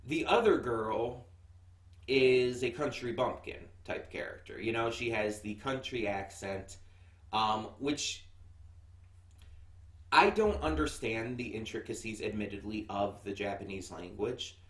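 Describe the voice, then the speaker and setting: A man's voice: lowish voice, a little slow, a bit bright. An American man giving a casual anime review, chatty and rambling with lots of fillers and restarts. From United States. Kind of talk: casual first-impressions review. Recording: echoey room, mic set far off.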